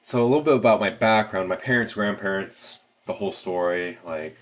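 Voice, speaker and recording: A lowish-voiced American man runs a laid-back livestream at a fairly quick clip. He's from the United States and rambles, restarting often and leaning on fillers.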